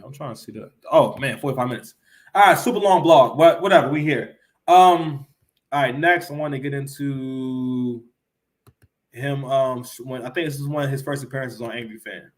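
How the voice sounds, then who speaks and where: A man vlogging a casual reaction to a clip, joking and rambling with lots of stammered restarts. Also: medium pitch.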